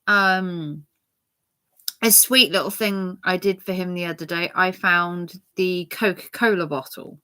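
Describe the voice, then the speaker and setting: A woman's voice: fairly low pitch, steady tone, unhurried, pushed and bright, clear, resonant tone. A middle-aged woman chatting casually to her viewers, rambling with lots of fillers and restarts. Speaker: channel host.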